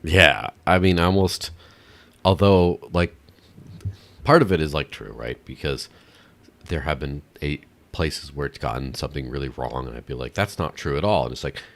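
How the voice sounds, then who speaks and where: A man's voice: rumbling low, moderate pace, a bit bright. A man co-hosting a podcast in casual chat, blunt and irreverent with mild exasperation. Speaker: podcast co-host.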